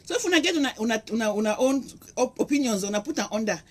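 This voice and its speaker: Nigerian pidgin lady ranting to camera, quick and a bit husky, kinda high voice. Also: lively intonation. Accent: Nigerian Pidgin English. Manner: impassioned and preachy, acts out quotes. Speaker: vlogger. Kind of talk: monologue to camera.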